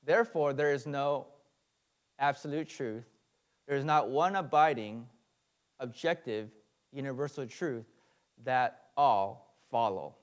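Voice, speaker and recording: A man's voice: medium pitch, slow, pauses often. A man, a pastor, giving an earnest teaching sermon with fillers and personal asides.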